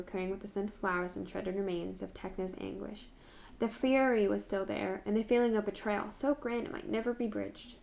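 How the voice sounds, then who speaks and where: A woman's voice: medium pitch, vocal fry, a little mellow. A woman streamer reading fan fiction aloud, now and then stumbling on words and restarting.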